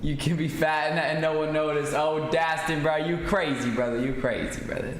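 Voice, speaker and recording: A man in his twenties hosting a casual livestream, teasing viewers playfully and reading out shoutouts. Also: fairly high pitch, steady tone, normal speed. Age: 20s. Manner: hyped, playful, teasing, reads out chat shoutouts. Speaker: livestream host. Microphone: streaming mic. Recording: very echoey room, faint background hiss.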